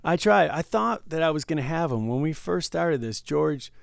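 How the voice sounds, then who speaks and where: A man co-hosting a casual podcast, telling a work story in an animated way and acting out the quoted lines. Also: fairly high pitch, moderate pace, creaky, no room sound, studio quality. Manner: animated, acts out quoted dialogue. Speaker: podcast co-host, casino worker.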